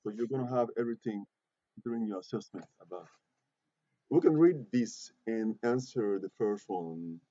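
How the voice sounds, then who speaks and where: A man teaches grammar to a class, his voice very dark and a little husky. He talks patiently, repeats his words and keeps checking that everyone follows. The recording is dry and muffled, with little room sound. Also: fairly low pitch, animated, moderate pace, dry recording. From Côte d'Ivoire. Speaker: English teacher.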